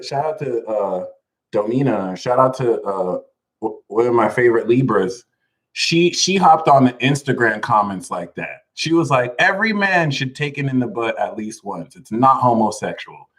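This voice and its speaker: A man's voice: medium pitch, big pitch swings, a little slow, fairly bright tone, poor audio. A man hosting a casual livestream, talking animatedly, laughing a lot and reading viewers' names from the chat. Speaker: livestream host.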